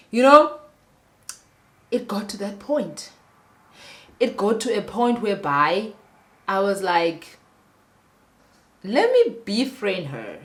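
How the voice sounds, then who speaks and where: A woman's voice: sits low, a bit bright. A young South African woman telling a personal story to her viewers in a casual vlog, emphatic and talking straight to them. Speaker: vlogger.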